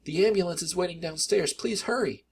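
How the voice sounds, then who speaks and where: A man's voice: a little fast, vocal fry, a little mellow, slight background noise. A man reading aloud, voicing a frantic, fussing mother in a raised, pleading voice. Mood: panicked. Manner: high, pleading, panicky.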